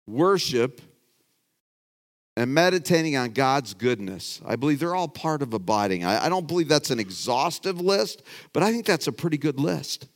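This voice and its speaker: A middle-aged man preaching a casual, conversational sermon as a pastor. He talks in a folksy, rambling way, restarting his sentences and moving between loud emphasis and quiet asides. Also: medium pitch.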